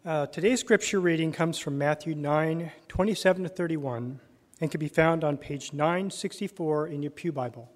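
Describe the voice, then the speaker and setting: A man reading a Bible passage aloud to a congregation in a measured, plain way, in a church. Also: on the high side. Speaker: scripture reader. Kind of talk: scripture reading. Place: church sanctuary. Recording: long reverb of a church sanctuary.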